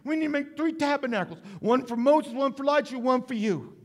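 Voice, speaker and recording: A man voicing a groggy, blustering disciple who has just woken up, blurting his words out loud and fast. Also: big-room sound. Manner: loud, high, rushed blurting.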